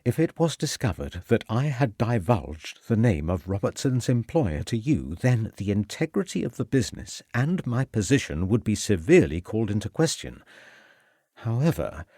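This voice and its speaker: A man voicing a cautious, formal male shop assistant who speaks in a measured, evasive way. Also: fairly low pitch, sing-song, mellow, no room sound, studio quality. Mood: guarded.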